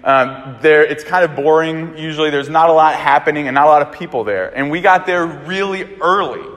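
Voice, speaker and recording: Alabama guy preaching, chatty storytelling, kinda high voice, big echoey hall. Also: fairly quick. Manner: conversational storytelling, animated and chatty. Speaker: pastor. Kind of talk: sermon with a personal story.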